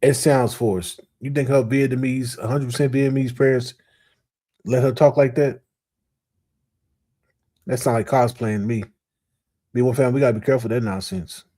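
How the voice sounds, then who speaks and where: A man hosting commentary in a mellow, warm voice. He talks slangy and animated, straight to the audience. His voice sits at an ordinary pitch for a man. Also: fairly quick, long pauses. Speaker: host. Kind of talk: reaction commentary.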